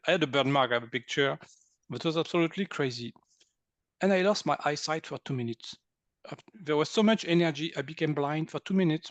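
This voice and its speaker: A man's voice: a little high, dry recording. A man in his sixties from France, speaking English with a French accent, who tells his story as an interview guest, laughing often and acting out what people said. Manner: animated, laughs often, acts out quoted speech. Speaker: guest, energy healer.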